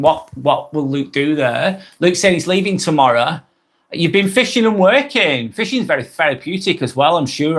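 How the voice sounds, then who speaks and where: A man in his forties hosting a live stream, chatting casually and reading out viewer comments, friendly, rambling and quick to apologise. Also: a little high, a bit bright. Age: 40s. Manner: chatty and friendly, ranting a little, apologising often.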